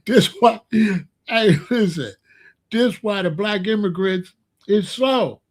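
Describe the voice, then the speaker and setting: A man giving casual, animated commentary with emphatic repetition and sudden loud outbursts. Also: high voice, slow. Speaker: commentary vlogger.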